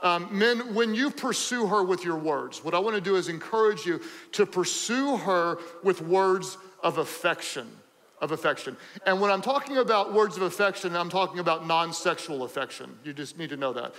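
A man preaching a sermon as pastor, animated and joking, repeating phrases for emphasis. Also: sits high, normal speed, in a large hall, low-quality recording.

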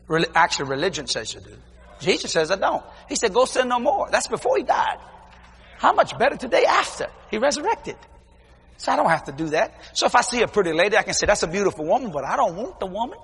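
A man preaching a testimony sermon, telling stories in a folksy, informal way and breaking into shouted exclamations. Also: high-pitched, brisk, creaky, slightly rough. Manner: animated storytelling with shouted exclamations. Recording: long hall reverb.

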